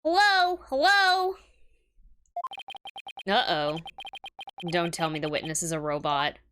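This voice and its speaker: A woman's voice: lowish voice, wildly swooping pitch, slow pace, noisy background, pitched below the performer's own voice, heavily acted. A woman voicing an eerie robot tour guide that stutters in a sing-song way, in a game playthrough. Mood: eerie cheerful.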